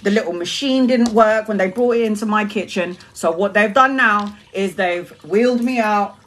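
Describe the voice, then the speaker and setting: A woman hosting a live stream tells a personal story at an easy middle pitch. She talks casually and swears freely. She laughs her way through the tale with plenty of energy. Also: normal speed. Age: adult mother. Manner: animated, profane, laughing storyteller. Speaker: tarot reader and livestream host.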